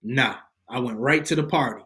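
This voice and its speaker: A man guesting on a podcast, telling a personal testimony in casual slang with lively energy. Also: medium pitch, moderate pace, slight background noise. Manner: slangy, animated, addresses listeners as bro and fam.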